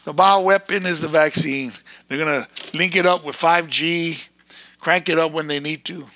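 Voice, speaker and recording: A man ranting in a fiery, erratic preaching monologue, breaking into sudden shouted bursts. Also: fairly high pitch, fairly even intonation, normal speed, no echo.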